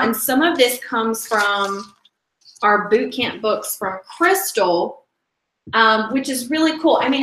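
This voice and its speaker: A woman's voice: a little high, a bit bright, roomy sound, low-quality recording. A woman team leader giving a casual training talk, chatty and rambling, often breaking off and restarting her sentences. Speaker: direct sales team leader.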